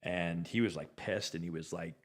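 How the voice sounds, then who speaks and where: A man's voice: sits low, normal speed. A man in his forties telling loose baseball stories as a live-stream host, rambling with lots of "like" and restarts. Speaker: former pro ballplayer hosting a live stream. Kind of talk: casual anecdotal storytelling.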